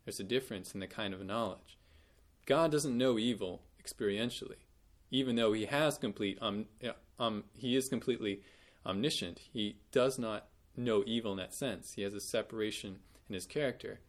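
Speaking at normal speed in a fairly low voice, a man explains a Bible lesson with care. Quoted lines get added stress, and he frequently stops to correct himself partway through a sentence.

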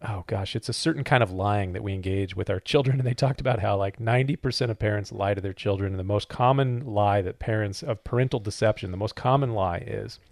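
A man co-hosting a casual podcast, playful and quick to joke. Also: on the low side, a little mellow, no room sound, studio quality. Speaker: podcast co-host.

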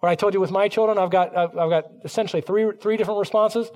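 Animated high-voiced male preacher. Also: quick pace. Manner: animated, acts out quoted voices. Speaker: pastor. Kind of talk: sermon.

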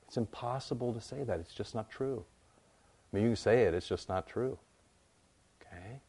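A man's voice: lowish voice, moderate pace, a little mellow, slightly rough. A male pastor preaching a sermon in a conversational way, building to emphatic repeated phrases.

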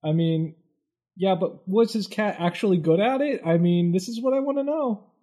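A man's voice: high-pitched, moderate pace, warm tone. A man co-hosting a casual podcast, riffing on jokes with wry, rambling asides. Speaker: podcast co-host, quiz contestant. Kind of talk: casual comedic chat.

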